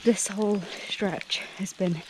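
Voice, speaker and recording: A woman's voice: medium pitch, takes it slowly, noisy background. Gushing woman hiking through woods. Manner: gushing, excitable, laughs often, drops to hushed murmurs. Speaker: hiking vlogger. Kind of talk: casual vlog narration while hiking. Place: misty woodland trail outdoors.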